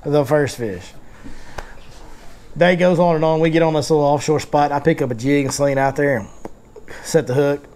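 A man's voice: fairly high pitch, steady tone, fast, darkish tone. A man hosting a casual fishing seminar, telling stories and joking in Southern slang. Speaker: fishing guide and seminar host.

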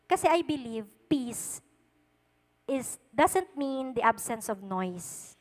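A woman with a Cebuano Filipino accent preaching a sermon, swinging between hushed asides and loud, emphatic points, mixing English with Cebuano. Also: very high voice, a little slow. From Philippines. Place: church service at a youth event. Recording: long reverb of a church hall.

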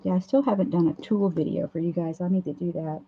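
Woman, hoarse, gravelly and husky, mellow tone, craft livestream chat. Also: on the low side, quick pace. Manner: chatty, talks through each step while working. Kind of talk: casual livestream demonstration. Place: home craft table. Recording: dull lo-fi livestream audio.

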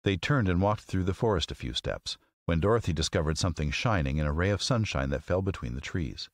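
Man reading a storybook aloud, super deep voice, lots of melody, measured pace. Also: animated, dry recording, clean studio sound. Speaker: narrator. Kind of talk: audiobook storytelling.

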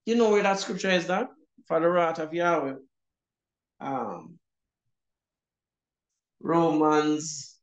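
A man's voice: a little high, expressive, takes it slowly, long pauses, highs cut off. A man with a Jamaican accent teaching a Bible class, emphatic and often asking "you see?". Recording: roomy echo.

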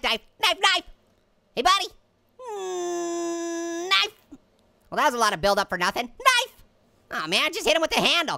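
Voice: very high-pitched, bright, forceful tone, no room sound, heavily acted. A performer voicing a hyper, cheeky male talking orange who giggles, makes puns and chatters nonstop while playing a game. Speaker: game player. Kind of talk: cartoon character let's-play commentary.

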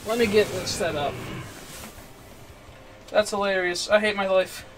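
Excitable, foul-mouthed young man gaming. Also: high-pitched, measured pace, background noise. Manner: excitable, swears a lot, yells at surprises; chatty, talks to the creatures on screen. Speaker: game streamer. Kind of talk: let's-play commentary.

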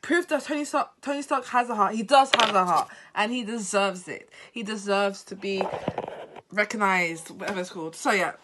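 A tired woman vlogger unboxing gifts at home, talking in an excitable, apologetic way. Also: mid-range voice, moderate pace, noisy background. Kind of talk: unboxing vlog.

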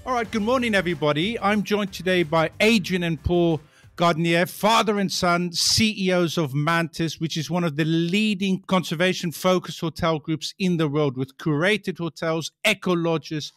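A man's voice: sits high, normal speed, fairly bright tone, no room sound, soft background music. Male podcast host with a dry, close sound and a friendly, conversational way of opening the interview.

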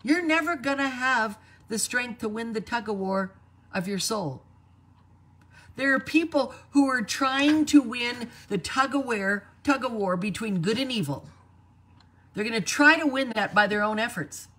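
A woman preaching a sermon in a lively way, acting out quoted voices. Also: on the high side, measured pace. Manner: animated, acts out quoted voices.

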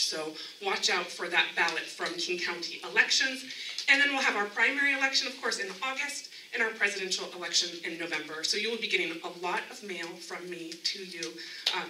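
A woman's voice: mid-range voice, sharp tone, a little hiss or hum. A woman, a county elections director, giving an upbeat presentation at a community town hall meeting and chatting with the audience. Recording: echoey room, mic from a distance.

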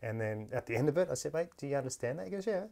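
A gravelly, dark, mid-range voice comes through, expressive and very fast. It belongs to a podcast host in a casual interview chat, telling stories into his microphone, laughing easily and restarting frequently.

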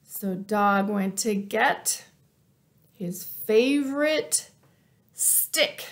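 A woman librarian reading a children's story aloud, expressive and playful, asking the children questions and dropping to whispers. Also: mid-range voice. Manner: animated, slow and expressive, asks the children questions, drops to whispers.

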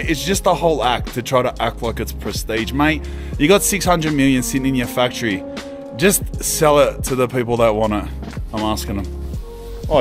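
An Australian man vlogging casually as he walks around town and into shops, joking and swearing freely. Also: mid-range voice. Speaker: travel vlogger. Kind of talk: casual travel vlog.

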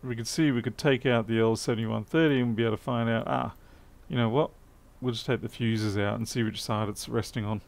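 A man with a gravelly, creaky voice thinks aloud as he works through a circuit board repair. His talk is methodical and half-muttered, like someone narrating his own hands at work. His pitch sits in an ordinary middle range. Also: fairly even intonation, a little fast, hardly any pauses. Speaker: electronics repair technician. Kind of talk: live repair stream commentary.

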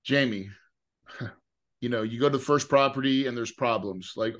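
A man's voice: mid-range voice, normal speed, a bit bright. Middle-aged man telling an emotional story. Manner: casual, repeats words, often asks "right?". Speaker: guest, real estate investor.

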